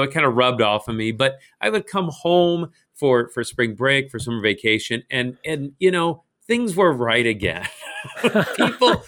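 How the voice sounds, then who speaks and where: Lively chatty man from St. Louis. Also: mid-range voice. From St. Louis, Missouri. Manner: chatty, laughs often, many restarts. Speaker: podcast co-host. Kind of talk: casual Bible podcast chat.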